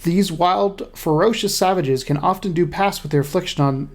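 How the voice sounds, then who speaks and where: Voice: medium pitch, normal speed, voice pushed up, lightly acted. Gamer putting on a British scholar voice, stern vampire-hunter journal read, dramatic delivery. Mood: grave. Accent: put-on British. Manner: dramatic, stumbles over hard sentences. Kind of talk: reading in-game lore aloud.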